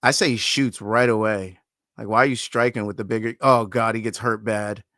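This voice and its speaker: A man hosting a live fight watch-along, giving fan commentary, who swears often and pleads and shouts at the fighters on screen. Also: on the low side, fairly even intonation, moderate pace, no echo, clean studio sound.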